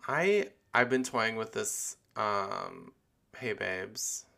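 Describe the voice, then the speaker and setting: A man's voice: lowish voice, very animated, extremely slow, vocal fry, sharp tone. A man hosting a casual solo podcast, rambling and playful with many fillers. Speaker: podcast host.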